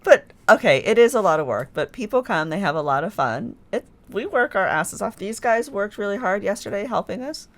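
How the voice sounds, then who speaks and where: A woman's voice: medium pitch, lively intonation, brisk, hardly any pauses. A woman with a mid-range voice chats on a podcast. She sounds enthusiastic and talkative, dotting her speech with ums and restarts. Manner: chatty, enthusiastic, lots of fillers. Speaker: podcast guest, filmmaker staff. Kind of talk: casual chat.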